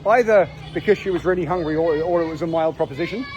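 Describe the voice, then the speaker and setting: An English travel vlogger walks a busy city street, chatting in a wry, self-mocking way for a casual vlog. His voice is fairly high, fast and a little mellow, and the noisy outdoor recording sounds dull, with street traffic and city noise behind him.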